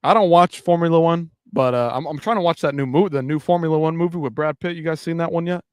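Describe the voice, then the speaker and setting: A man's voice: fairly high pitch, quick pace, darkish tone, smooth, dry recording. Tired male streamer, loose and foul-mouthed, bone-dry mic. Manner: loose, profane, rambling with restarts. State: tired late at night. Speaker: livestream host. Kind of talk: casual live-stream chat.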